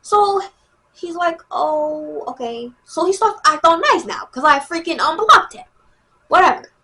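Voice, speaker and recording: A woman with a fairly high voice rambles through a casual storytime straight into her camera. Her talk is loose and slangy, full of "like" and "bro." She slips into animated retellings of what was said. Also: a little slow. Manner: animated retelling with exaggerated quotes. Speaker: vlogger.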